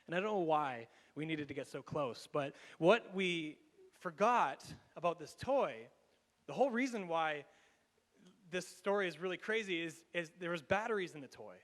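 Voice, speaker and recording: A Canadian man preaching in a church, his fairly high voice trailing off into a long hall reverb. He tells his story in an animated way, with laughs and quick restarts. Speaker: pastor. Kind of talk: storytelling sermon. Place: church sanctuary.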